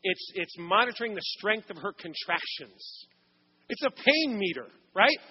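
A middle-aged man preaching a sermon, praying and telling a story with animated storytelling and acted-out voices. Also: high voice, unhurried, husky, big-room sound, dull audio. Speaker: pastor. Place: church sanctuary.

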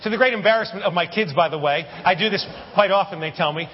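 A man preaching a sermon as a pastor, telling a story in an animated way with humorous asides. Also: high voice, fast talker, hardly any pauses. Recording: muffled sermon audio with long hall reverb.

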